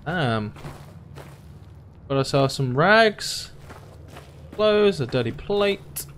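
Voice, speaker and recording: Chatty young gamer. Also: male voice, fairly high pitch, big pitch swings, very slow, fairly bright tone, a little hiss or hum. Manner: chatty, reacting aloud, playful. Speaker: gaming YouTuber. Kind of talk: let's play commentary.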